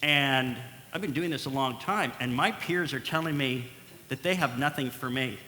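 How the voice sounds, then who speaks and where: A man voicing a calm, earnest male surgeon in his late forties, speaking in a quiet, measured, reassuring way. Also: medium pitch, lightly acted. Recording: echoey hall with faint noise.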